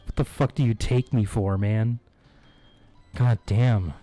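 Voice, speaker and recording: A man's voice: fairly low pitch, fairly even intonation, slow, dark tone, soft background music. A man chatting casually on a live game stream, joking crudely and laughing often.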